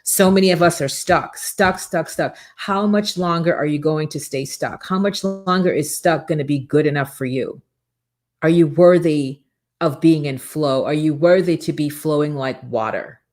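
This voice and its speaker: A woman's voice: sits low, moderate pace, a little mellow. A woman hosting a live faith-based motivational morning show, talking in a fervent, preachy way full of rhetorical questions and repetition.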